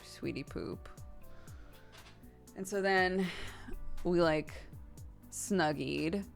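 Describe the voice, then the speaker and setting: Chatty low-voiced woman streamer. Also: very slow, gravelly, faint music behind. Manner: chatty, animated, full of "like" and acted-out quotes. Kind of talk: casual storytelling.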